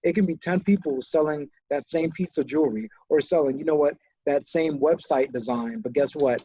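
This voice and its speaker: A man co-hosting a casual business podcast, talking with enthusiasm and telling animated stories. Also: a little high, normal speed, slightly rough, muffled recording. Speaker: podcast co-host, business owner.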